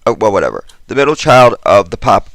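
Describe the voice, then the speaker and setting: A man giving a casual commentary to his viewers, exasperated and chatty, jumping between loud emphasis and muttered asides. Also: lowish voice, sing-song, fast talker, vocal fry, no room sound. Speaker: YouTube commentator.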